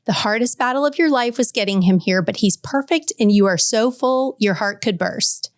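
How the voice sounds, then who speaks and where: A woman's voice: fairly high pitch, normal speed, dry recording. Earnest woman in her forties, dry sound. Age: 40s. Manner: earnest and heartfelt, speaking directly to the listener. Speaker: podcast host. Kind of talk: reading a personal letter aloud, then reflective solo talk.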